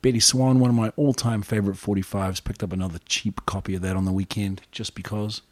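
Man, from new zealand, radio DJ, low voice, dry close sound, easygoing rambling patter. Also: fast, dry recording. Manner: relaxed, rambling, chatty. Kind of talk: casual radio DJ patter between records.

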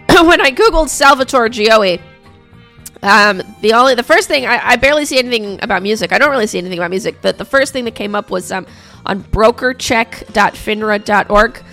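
Woman dj rambling between songs, gravelly and a bit hoarse, faint music underneath. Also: on the high side, animated, fairly quick, a bit bright. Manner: chatty, rambling with many fillers and restarts. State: slightly hoarse from coughing. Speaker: radio show host. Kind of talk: casual radio DJ chat.

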